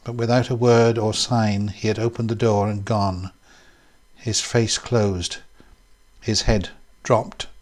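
A man giving a measured, scripted narration of a classic short story. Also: fairly low pitch, little pitch movement. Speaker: reader.

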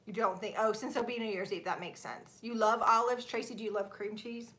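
A woman's voice: mid-range voice, fairly even intonation, brisk, a bit bright. A woman in her thirties hosting a casual livestream, chatting with viewers, reading their comments aloud and laughing often. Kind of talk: casual live chat.

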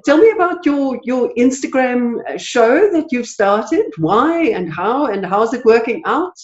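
Lively woman interviewer in a roomy, dull recording. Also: on the high side, measured pace. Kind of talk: interview questions.

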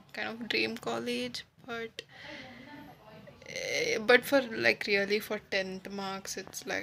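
A young woman talks slowly and loosely, with plenty of "like" and "you know" and a self-mocking streak. Her voice is bright and clear, and a faint hiss of room noise sits underneath it. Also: mid-range voice, low-quality recording. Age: young adult. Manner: rambling, filler-heavy, self-mocking. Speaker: vlogger. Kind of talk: casual vlog voice-over chat.

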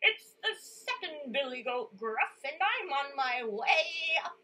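A woman's voice: sits high, expressive, slow, bright, forceful tone, full character voice. A woman doing a pleading billy goat. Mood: bold.

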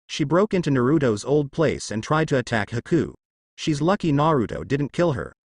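A man's voice: medium pitch, sing-song, moderate pace, dry recording. Man reading a curt, scowling swordsman for a fanfic reading; dry, close sound. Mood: gruff. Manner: grunting, curt. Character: gruff grown male swordsman, scowling and curt.

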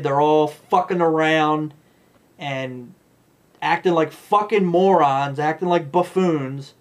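A man giving a rambling, blunt, profane movie review rant. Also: fairly high pitch.

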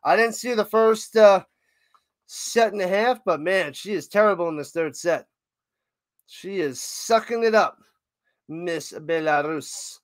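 Excitable man calling tennis play-by-play. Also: sits high, unhurried, no room sound, clean studio sound. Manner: excitable, hums and chants between points. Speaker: live-reaction streamer doing play-by-play. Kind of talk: casual live play-by-play commentary.

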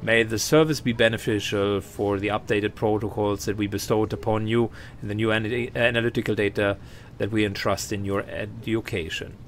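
A man's voice: lowish voice, fairly even intonation, moderate pace, a little hiss or hum, natural voice. A man voicing a formal male machine-priest unit in a video game, speaking in clipped, procedural phrases.

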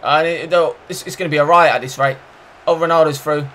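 A young man commentating his own football video game match, slangy, muttering one moment and shouting the next. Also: on the high side, fairly even intonation, brisk. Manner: slangy, swings from muttering to loud shouts at goals. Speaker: gaming YouTuber. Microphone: desk microphone.

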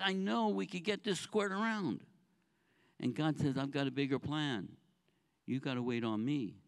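A male pastor preaching a sermon. He talks earnestly, asks the congregation rhetorical questions, and moves between soft, low phrases and raised, pressing ones.

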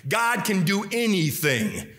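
A young man preaching a fervent sermon as pastor to a congregation in a church, often shouting. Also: very animated, takes it slowly. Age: young adult. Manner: fervent, often shouting, wide swings in pitch. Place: church sanctuary before a congregation.

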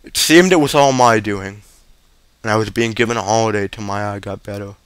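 A man reading a short story aloud as narrator, steady with occasional small stumbles. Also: fairly low pitch, a little fast, smooth, dry recording. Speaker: story reader.

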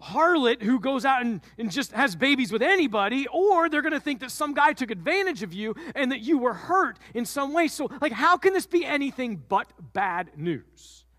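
A man's voice: very high voice, expressive, measured pace, hardly any pauses, pushed and bright, big-room sound, voice pushed up, full character voice. A man voicing a young man who is upset and panicking, agitated and pleading. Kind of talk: sermon role-play.

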